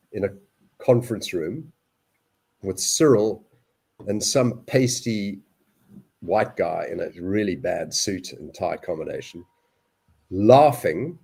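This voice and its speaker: A man's voice: deep voice, gravelly, darkish tone, husky. A man on a political panel giving sardonic, mocking commentary. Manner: sarcastic, mocking.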